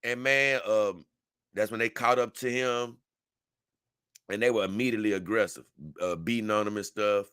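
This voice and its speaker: A man's voice: fairly low pitch, normal speed, fairly bright tone, smooth, no room sound, studio quality. A man, talking casually to camera and telling a story earnestly, rambling with many restarts. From Memphis, Tennessee. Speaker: vlogger.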